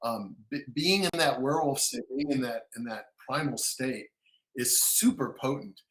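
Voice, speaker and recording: A man talking as a guest author in a casual interview, excitable storyteller with frequent restarts who acts out quotes. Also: mid-range voice, normal speed, reverberant, rough recording.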